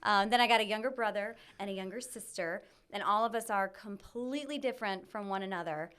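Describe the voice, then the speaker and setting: A woman's voice: mid-range voice, a bit bright, clean tone. A woman from Chicago's South Side, a TV weather anchor, chatting playfully and joking in an interview. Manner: playful, jokey, quick to laugh. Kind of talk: casual interview chat.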